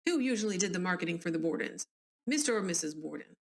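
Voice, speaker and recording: A woman's voice: lowish voice, animated, quick pace. A woman with a Southern US accent reading the questions of a male inquest official, in a plain reading voice. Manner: plain questioning read from transcript.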